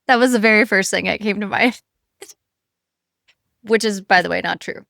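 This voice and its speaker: A woman's voice: medium pitch, unhurried, vocal fry, sharp tone, no room sound, clean studio sound. A woman co-hosting a book podcast, chatting frankly and casually, swearing now and then. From Florida, US. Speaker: podcast co-host. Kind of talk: casual chat.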